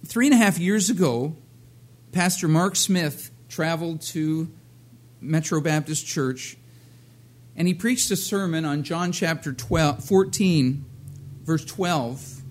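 A man's voice: fairly high pitch, slow pace. A middle-aged man preaching a casual sermon, rambling with many fillers and laughing at his own jokes.

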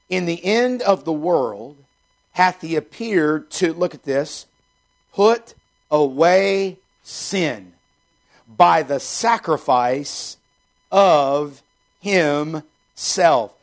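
A male pastor preaching a sermon, reading scripture and repeating points with rhetorical questions. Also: a little high.

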